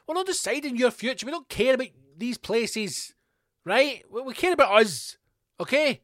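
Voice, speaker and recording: A man's voice: very high-pitched, lively intonation, moderate pace, dry recording, clean studio sound. Sweary ranting Scottish man. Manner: sweary, loud and mocking, reads news aloud. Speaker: podcast host. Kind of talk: ranting solo podcast.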